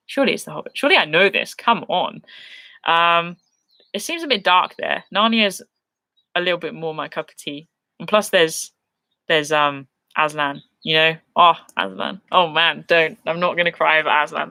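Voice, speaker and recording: A woman's voice: low voice, lively intonation, normal speed, bright, forceful tone, no room sound. A young woman hosting a casual live stream, reading viewer questions and chatting with frequent laughs. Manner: chatty, self-deprecating, laughs often.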